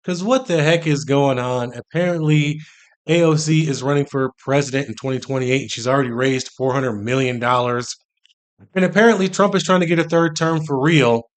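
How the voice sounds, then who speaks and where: A man's voice: medium pitch, normal speed. Chatty, incredulous man hosting a reaction video. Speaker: reaction channel host. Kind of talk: casual reaction commentary.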